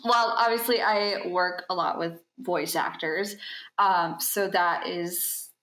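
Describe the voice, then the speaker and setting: A young woman speaks in a casual interview, enthusiastic and chatty, with frequent ums. Her voice sits low and unhurried. The recording has a roomy, echoey sound. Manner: animated and enthusiastic, with filler ums. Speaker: podcast guest, convention talent handler.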